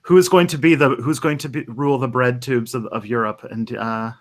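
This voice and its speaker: A man's voice: medium pitch, fairly even intonation, moderate pace. A man hosting a casual live stream, easygoing and making things up as he goes.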